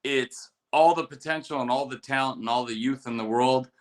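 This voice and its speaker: A middle-aged man, a veteran co-hosting a casual show, telling stories and giving fight picks with lots of profanity and animated quoting. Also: mid-range voice, fairly quick. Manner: storytelling, profane, animated quotes. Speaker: podcast co-host, military veteran.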